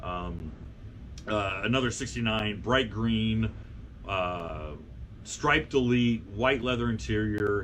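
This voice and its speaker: A man who edits a car magazine, telling a casual anecdote in a rambling way, with fillers and lively acted-out quotes. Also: fairly low pitch, slight background noise.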